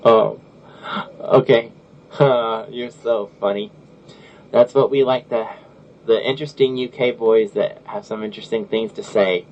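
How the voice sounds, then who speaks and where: A man's voice: lowish voice, fairly even intonation, unhurried, a little mellow. Chatty American-hosted podcast man, lo-fi. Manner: chatty, laughs often, restarts. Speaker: podcast host. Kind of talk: casual chat. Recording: lo-fi audio with faint noise.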